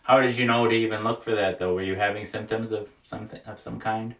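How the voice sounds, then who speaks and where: A man's voice: on the low side, steady tone, fast talker, a bit bright, recorded from a distance. A man hosting a casual livestream, reading viewer comments aloud, often laughing and joking frankly. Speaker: livestream host. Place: small wooden sauna. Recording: echoey room, voice away from mic.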